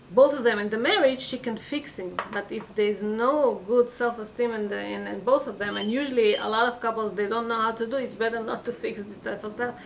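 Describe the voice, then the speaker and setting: A woman's voice: on the high side, creaky, a little hiss or hum, rough recording. A woman giving an informal weekly religious class, earnest and advising, with many fillers and restarts.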